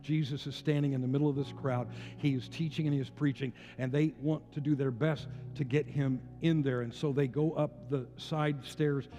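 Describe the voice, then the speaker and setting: A man in his sixties, a pastor, preaching with passionate rising declarations and quieter storytelling. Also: mid-range voice, steady tone, moderate pace, hardly any pauses. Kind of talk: sermon. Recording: long hall reverb with faint music.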